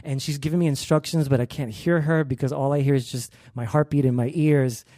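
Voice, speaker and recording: A young man telling a personal story on stage, lively and acting out the quoted lines. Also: mid-range voice, a little fast, dry recording, studio quality. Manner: animated, acts out quoted lines.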